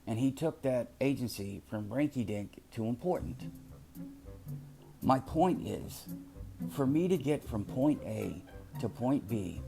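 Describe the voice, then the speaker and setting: Music plays behind a middle-aged man hosting a commentary channel, whose mid-range voice is gravelly and mellow, with lively intonation and a slow pace. He talks emphatically in a casual monologue, drifting off into stories.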